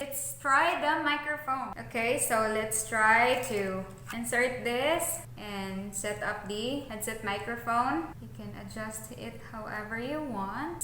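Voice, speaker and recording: A woman's voice: fairly high pitch, sharp tone. A woman reviewing a product as she unboxes it, explaining each step in plain words. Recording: echoey room with faint ambience.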